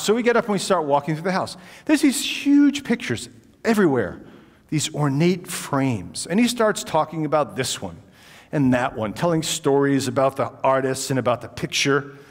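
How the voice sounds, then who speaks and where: A man telling a personal story in a talk, animated and acting out the dialogue, in a reverberant hall. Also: on the high side, moderate pace. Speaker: speaker.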